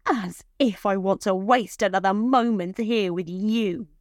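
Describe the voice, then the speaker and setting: A woman's voice: mid-range voice, a little slow, no room sound, clean studio sound, natural voice. A woman voicing a young woman in love who turns furious, in a pleading, raised voice. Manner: pleading, then indignant.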